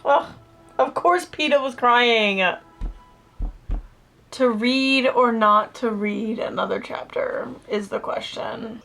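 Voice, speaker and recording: A woman's voice: on the high side, takes it slowly, creaky, a bit bright. Chatty young woman vlogging. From Southern US. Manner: chatty, swears freely, rants with amusement. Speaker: book vlogger. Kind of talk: casual reading vlog chat.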